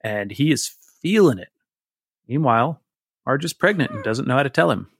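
A man's voice: medium pitch, very animated, normal speed, fairly bright tone, breathy edge, dry recording. A man in his forties talks openly and a little self-mockingly, with many restarts. His voice sits in the middle range and sounds dry and close. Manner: candid, rambling, self-deprecating. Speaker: guest. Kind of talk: casual interview storytelling.

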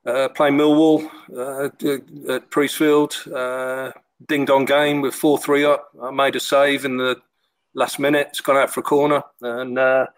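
With a mid-range voice, this middle-aged man, once a goalkeeper, rambles through casual stories full of fillers and false starts. There's no room sound, but the recording quality is low.

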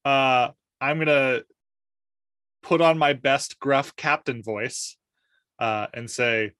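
A man's voice: mid-range voice, measured pace, a bit bright, no room sound. A man hosting a podcast who plays a tabletop game, describing his character's actions in a hesitant way full of fillers. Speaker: podcast host, player.

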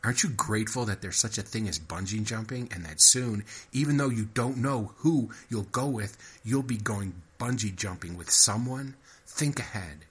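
A man voicing a pushy woman who coaches in positive-thinking slogans, pitching his voice up and louder. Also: normal speed, few pauses, husky. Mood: coaching, insistent. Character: pushy upbeat woman full of self-help talk.

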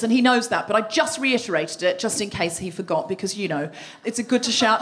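A woman's voice: mid-range voice, a little fast, a bit bright. A woman hosting a live comedy podcast, telling a self-mocking story and acting out her own outbursts before an audience.

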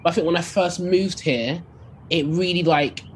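A young woman from England with an Essex accent, a DJ and radio host telling stories in a casual, animated way, full of fillers. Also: lowish voice, moderate pace, slight background noise. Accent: Essex English. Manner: animated, chatty, many fillers like "like". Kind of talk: casual storytelling interview.

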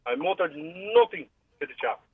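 Man over a tinny phone line from his car, high-voiced, flustered and polite, faint hiss. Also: sing-song, moderate pace, slightly rough, no room sound. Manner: polite but flustered denials. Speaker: prank call target. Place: in a parked car.

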